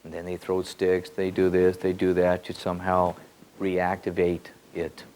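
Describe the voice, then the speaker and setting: A man giving a spiritual teaching in a loose, repeating way, swinging between soft musing and sudden excited bursts. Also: low voice, measured pace. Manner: repeats words and restarts often. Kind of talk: spoken teaching to a group.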